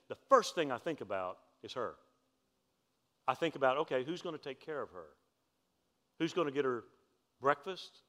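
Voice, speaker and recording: A male pastor preaching a sermon, telling stories in a conversational way with joking asides and climbing to louder, higher peaks for emphasis. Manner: animated storytelling, climbs in pitch and force for emphasis; conversational, humorous asides to the congregation.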